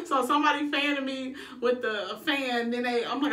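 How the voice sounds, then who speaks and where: Woman, casual storyteller, profane and animated, a bit high, echoey room off-mic. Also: fairly quick, hardly any pauses, recorded from a distance. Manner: animated, profane, acts out her own quoted lines. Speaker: vlogger telling her birth story.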